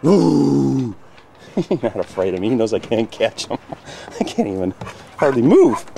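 In his backyard, a man films his playing dogs on a handheld camcorder, the audio noisy. His mid-range, creaky voice is sing-song and unhurried as he playfully teases them and eggs them on with shouts.

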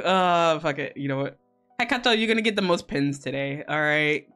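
Woman streamer, lowish voice, teasing and foul-mouthed, laughs a lot, faint music underneath. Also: animated, moderate pace, a bit bright. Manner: giggly, teasing and profane, greets viewers by name. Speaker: streamer hosting a co-working stream. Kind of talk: casual live-stream chat with viewers.

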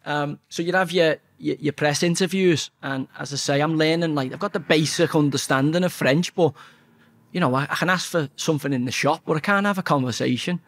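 This is a Scouse man in his forties, spinning a long anecdote in casual conversation. His voice sits a touch higher than most men's, and he swears freely while tripping over quick restarts. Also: a bit bright. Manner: swears constantly, rapid anecdotal delivery with restarts. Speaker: guest. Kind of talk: casual storytelling.

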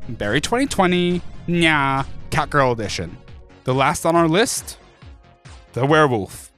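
Goofy man with a lively voice. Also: moderate pace, soft background music. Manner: goofy, jokey asides and playful pitch leaps. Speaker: gaming channel host. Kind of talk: comedic game voice-over.

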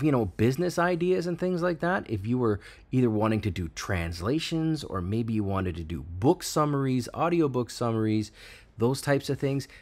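With a medium-pitched voice, this man runs a tech channel and chats eagerly as he walks through software on a screen recording, talking up each feature in turn.

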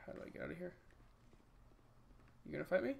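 A man's voice: sits high, lively intonation, fast talker, creaky, slight background noise. A man giving casual let's-play commentary, joking and rambling and talking to the enemies on screen. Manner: jokey, rambling, talks to game enemies. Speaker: gaming channel host.

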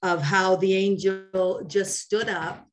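A woman's voice: medium pitch, steady tone, slow pace. A woman preaching on a video call, telling personal testimonies in a rambling, conversational way with many fillers and restarts. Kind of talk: testimony in an online sermon.

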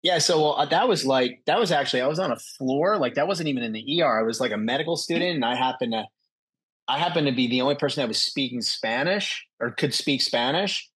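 A man's voice: mid-range voice, fast, breathy edge. A young adult man, a doctor guest, telling a story in casual chat over a video call, swearing freely and acting out the people he quotes. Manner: profane, animated, acts out quoted people.

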